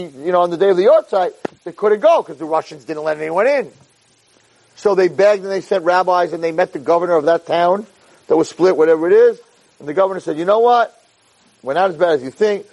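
A man giving a Torah class as an animated storyteller, peppering his talk with Hebrew terms and rising high for emphasis. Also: rough recording.

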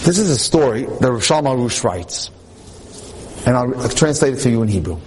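A man's voice: medium pitch, animated, brisk, darkish tone, slight background noise. Man giving a storytelling Torah talk. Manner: storytelling, translating Hebrew quotes into English; mixes Hebrew terms into English speech. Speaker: religious lecturer.

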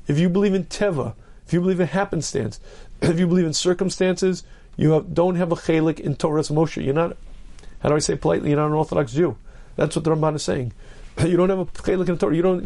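A man, a rabbi, giving an earnest Torah lecture, stressing points by repetition and clearing his throat often. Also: on the high side, mellow. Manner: earnest, emphatic, repeats key phrases.

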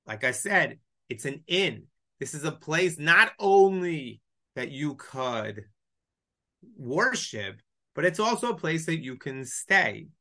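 Man as Torah teacher, clear bright tone, animated delivery, quotes Hebrew then explains. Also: fairly high pitch, slow. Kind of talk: classroom Bible lesson.

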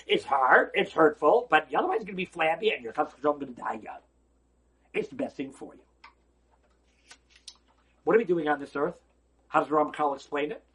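A man teaching a lesson through a story, talking in an animated, stammering way with frequent repeats. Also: fairly high pitch, normal speed, long pauses, husky.

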